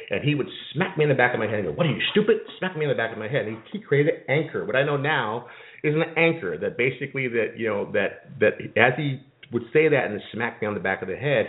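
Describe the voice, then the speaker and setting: A middle-aged man from Jamaica, a diet coach hosting a live call, telling a personal story in an earnest, rambling way with many repeated words. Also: lowish voice. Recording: tinny phone line, echoey.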